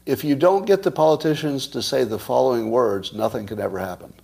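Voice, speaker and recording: A man's voice: medium pitch, brisk, creaky, darkish tone, husky. A man giving a casual political monologue, blunt and profane, firing off rhetorical questions. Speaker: commentator.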